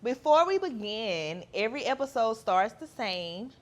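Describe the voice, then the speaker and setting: A woman's voice: a little high, big pitch swings, measured pace. Chatty woman podcast host. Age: 30s. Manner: chatty, candid, playful asides. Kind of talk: casual podcast monologue.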